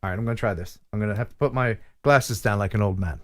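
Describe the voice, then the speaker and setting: A man's voice: on the low side, fast. A man hosting a live stream in a casual, jokey way, reading viewer mail aloud and laughing at himself. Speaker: host.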